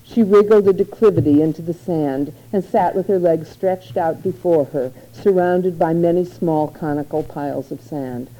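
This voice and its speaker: A woman reads literary fiction aloud in a measured, unhurried way. Her voice is dark and mellow, sitting a little low. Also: muffled recording. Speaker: narrator.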